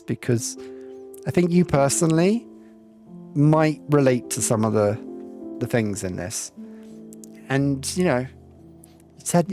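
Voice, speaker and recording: A man's voice: mid-range voice, darkish tone. A man streaming a game and chatting with live viewers, rambling and reflective with lots of ums. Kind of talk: casual chat with live viewers while playing. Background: faint game music.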